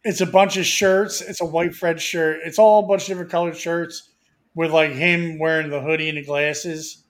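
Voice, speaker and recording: Male podcast co-host, casual and profane, a little high-pitched. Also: level tone, moderate pace. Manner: rambling, with many fillers and restarts. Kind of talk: crude casual chat.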